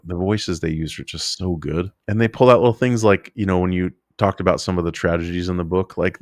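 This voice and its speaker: A man's voice: sits low, no echo, studio quality. A man co-hosting a podcast, chatting casually and enthusiastically, filling his talk with "like" and "you know". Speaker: podcast co-host.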